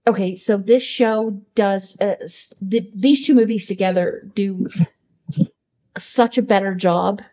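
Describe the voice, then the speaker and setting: A woman's voice: medium pitch, slow pace, warm tone, muffled recording. A woman co-hosting a podcast in casual chat, talking in an earnest, heartfelt way with many fillers. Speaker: podcast co-host.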